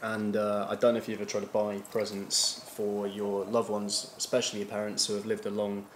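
A man's voice: lowish voice, monotone, a little fast. A man from England, a guest telling a rambling story in casual chat with plenty of fillers. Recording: roomy echo, faint noise.

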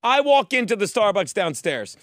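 A man, a podcast co-host telling a profane, animated comedic rant in a studio booth. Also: sits high, normal speed, dry recording. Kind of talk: comedic rant, casual chat.

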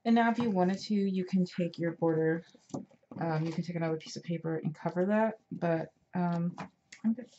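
A woman with a lowish, warm voice speaks at a moderate pace while hosting a casual crafting tutorial. Chatty and self-deprecating, she talks as she works, in a dull lo-fi home recording with noise.

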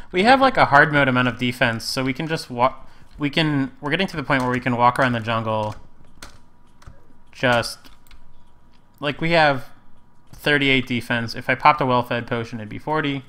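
Bright, clear-voiced let's play host. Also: male voice, medium pitch, expressive, normal speed, long pauses. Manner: rambling, self-correcting, wry. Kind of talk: casual gameplay commentary.

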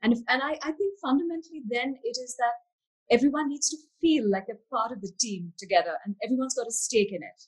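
A woman's voice: a little high, quick pace, breathy edge, low-quality recording. A woman architect and curator answering interview questions over a video call in an earnest, reflective way. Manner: earnest, reflective, speaks of faith. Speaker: architect and curator, panel guest.

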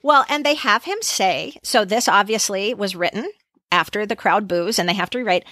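A woman's voice: mid-range voice, moderate pace, dry recording. A woman co-hosting a pop culture podcast, telling film trivia in casual chat and acting out the lines. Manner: animated storyteller who acts out quotes. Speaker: podcast co-host.

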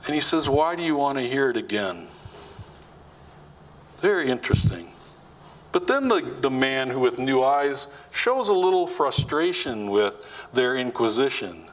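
A male pastor preaches a sermon in church in a conversational, sing-song voice at a measured pace. He asks the congregation questions and acts out quoted lines with rising pitch. The audio is poor.

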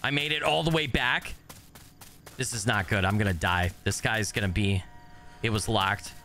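A man's voice: fairly low pitch, normal speed. Panicky horror gamer, a man. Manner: swearing, panicky, talks to himself; whispers while hiding. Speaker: gaming YouTuber. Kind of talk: horror game let's play commentary. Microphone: desk mic. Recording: game music playing behind.

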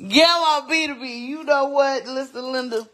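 A high voice at normal speed brings to life a vain, sassy woman babysitter in a live-streamed comedy sketch. The performer teases loudly, repeats lines, and swoops upward into squeals.

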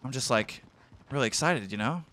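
A young man streaming a shooter game, commenting in excited bursts, shouting and repeating phrases, then walking through his loadout. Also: medium pitch, a little fast, noisy background. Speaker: gaming streamer. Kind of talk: excited live gameplay commentary.

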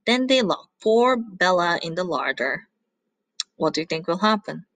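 A woman reading a children's story aloud in an animated way, pausing to ask her listeners questions. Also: lowish voice, dry recording.

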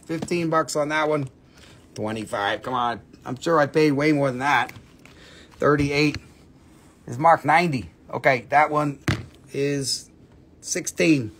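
Guy on a live sale stream, slightly high voice, chatty, quick with the prices, playful little asides. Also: a bit bright, a little hiss or hum. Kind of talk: casual live-stream selling. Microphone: phone camera.

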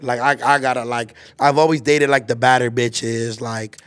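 A man's voice: mid-range voice, fairly even intonation, normal speed, fairly bright tone, clean tone. A man in his twenties hosting a casual chat, telling a rambling story full of slang and filler words. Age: 20s. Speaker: podcast host.

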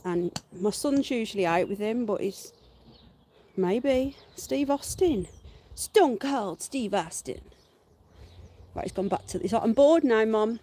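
A woman's voice: medium pitch, lively intonation, slow pace, pauses often, dark tone, breathy edge. A middle-aged British woman chatting casually on a live stream from her back garden, laughing and swearing freely. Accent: British English.

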